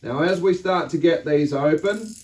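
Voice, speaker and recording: A man's voice: on the high side, normal speed. A man hosting a model railway unboxing vlog, chatty and enthusiastic, with theatrical exclamations. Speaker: model railway channel host.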